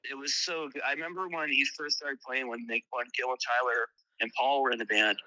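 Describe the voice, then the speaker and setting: A man who is a guest musician, telling tour stories in a casual interview, animated and swearing freely. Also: mid-range voice, brisk, low-quality recording.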